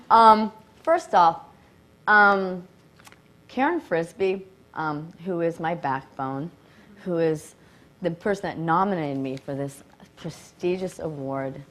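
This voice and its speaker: A woman giving an excited, grateful acceptance speech at a live award event, laughing often and nervous enough that her hands shake. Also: sits low, slight background noise.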